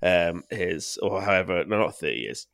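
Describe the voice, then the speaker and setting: Bright, sweary podcast host. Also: male voice, deep voice, expressive, normal speed, gravelly, no room sound, studio quality. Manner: rambling, sweary, laughing. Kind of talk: casual chat.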